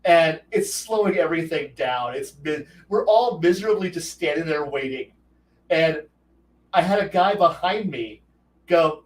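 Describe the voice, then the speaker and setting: A high-pitched man telling a loose, rambling anecdote on his stream, stumbling and restarting as he goes. He acts out the quoted exchanges with bursts of energy. His voice sits a little back from the microphone. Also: moderate pace, far from the mic, poor audio. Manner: rambling, frequent restarts, animated quoted dialogue. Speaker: streamer host. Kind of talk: casual storytelling monologue.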